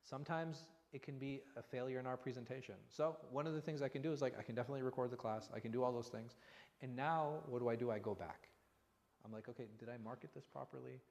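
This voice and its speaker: A man, an imam, giving a conversational religious lesson, animated and full of rhetorical questions. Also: medium pitch, fast. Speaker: imam teaching a class. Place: mosque hall. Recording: long reverb in a hall.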